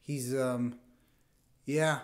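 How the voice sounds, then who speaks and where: A man's voice: mid-range voice, steady tone, very slow. A male comedian guest in a casual podcast chat, crude and sarcastic, swearing freely.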